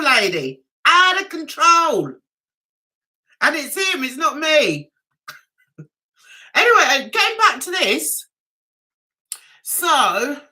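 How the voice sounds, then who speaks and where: Middle-aged woman on a livestream, high bubbly voice, laughs a lot, chats to viewers. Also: bright, forceful tone. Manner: chatty, laughs often, talks straight to viewers. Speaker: livestream host. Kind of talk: casual livestream chat, reading comments aloud.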